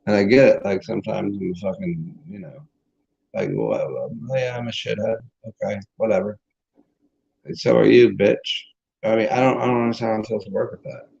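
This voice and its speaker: A man's voice: fairly low pitch, animated, fairly quick, vocal fry, a little mellow, husky. A man giving a rambling, profane casual monologue as a spiritual vlogger, restarting his sentences often. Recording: dull lo-fi recording.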